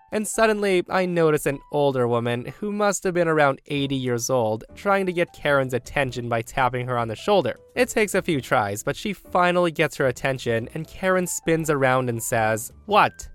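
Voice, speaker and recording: A man hosting a channel, narrating reader stories in a casual, lively, chatty way and speaking to listeners as guys. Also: mid-range voice, smooth. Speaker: story narrator, channel host.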